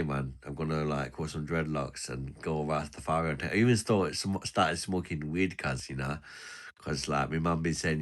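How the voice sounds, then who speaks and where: A man with a low voice putting on a brash young character in a mock Jamaican patois, rambling and full of fillers. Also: fairly bright tone. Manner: rambling, filler-heavy, repeated "man" and "you know what I mean".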